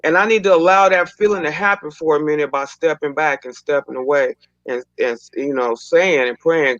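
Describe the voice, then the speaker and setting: A woman's voice: low voice, moderate pace, dry recording, muffled recording. A woman talking in casual panel chat, who acts out the lines she quotes.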